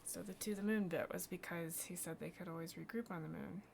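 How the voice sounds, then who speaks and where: A woman's voice: on the low side, fairly quick, vocal fry, a little mellow, slight background noise. A woman streamer reading a story game aloud, with chatty, amused asides between the lines.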